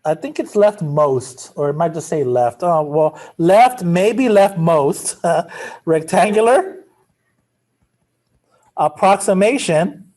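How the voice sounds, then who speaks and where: A man's voice: fairly high pitch, expressive, slow pace, mellow. A male math teacher giving a classroom lecture in a casual, joking way, drifting into chatty asides.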